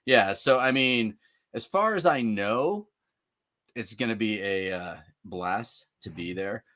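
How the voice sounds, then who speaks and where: A man's voice: lowish voice, animated, slow pace, fairly bright tone, no room sound, clean studio sound. A man co-hosting a sports podcast who jokes and chuckles while reading event details. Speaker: podcast co-host. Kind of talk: casual sports podcast chat.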